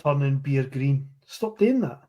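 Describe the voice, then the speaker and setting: A man's voice: medium pitch, lively intonation, unhurried, warm tone. A Scottish man co-hosting a beer podcast, dropping dry one-liners in casual chat. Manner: dry wisecracks. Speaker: podcast co-host.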